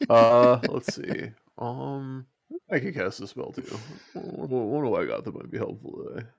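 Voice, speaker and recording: A man's voice: medium pitch, lively intonation, measured pace, gravelly, no echo. A man chatting casually as a player in an online tabletop game, hesitant and full of fillers. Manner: hesitant, many fillers and restarts.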